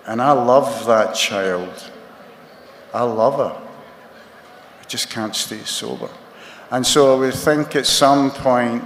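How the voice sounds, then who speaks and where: Scottish man, 60s, unhurried comic storyteller with self-mocking humor, speaking in a roomy hall with long reverb. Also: mid-range voice, a bit bright. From Scotland. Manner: wry, joking, self-mocking. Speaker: recovery meeting speaker. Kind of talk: comic storytelling talk to a crowd. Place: large convention hall. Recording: echoey hall, faint noise.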